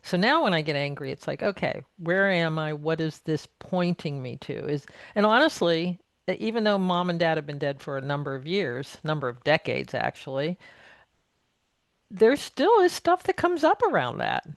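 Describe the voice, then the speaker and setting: A middle-aged woman, a narrative coach, appears as a podcast guest in a conversational interview. Her voice is deep and moderately paced with few pauses, and she's reflective yet emphatic, restating points as she works things through, in a dry recording.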